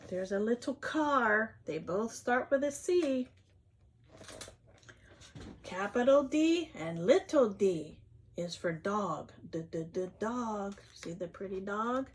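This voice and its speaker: A woman reads an alphabet picture book aloud to young children, slowly sounding out each letter in a sing-song phonics style and gasping with delight as she lifts the flaps. Her medium-pitched voice is expressive, with slight background noise.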